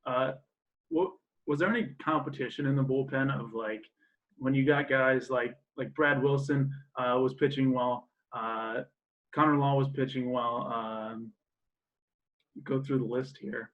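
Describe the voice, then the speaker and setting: A man hosts a relaxed interview, feeling his way through each question with frequent "uh"s. His voice is mid-pitched, and the recording sounds a little dull and lo-fi. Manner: loose, halting questions with many "uh"s. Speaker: interviewer, team staff host.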